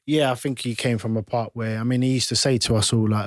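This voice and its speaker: A man, a podcast guest telling stories from his playing days in an animated, halting way full of restarts. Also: medium pitch, no room sound, studio quality. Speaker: podcast guest, former footballer. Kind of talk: casual storytelling.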